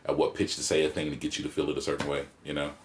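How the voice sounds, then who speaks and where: Deep-voiced man telling stories in a roomy space. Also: rapid-fire, a little hiss or hum. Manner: animated storyteller who acts out rhythms and quotes. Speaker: guest poet. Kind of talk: casual interview chat. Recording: roomy echo.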